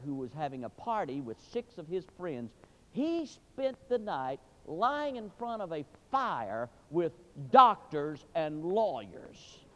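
Animated preacher in a reverberant hall. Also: male voice, sits high. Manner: animated, folksy storytelling with sudden loud bursts. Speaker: pastor. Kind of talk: sermon with storytelling. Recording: dull recording with long hall reverb.

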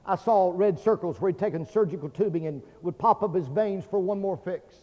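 A Baptist pastor preaching a fervent sermon, swinging between loud declarations and hushed tones. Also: male voice, sits high, a little fast. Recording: dull lo-fi sermon recording with long hall reverb.

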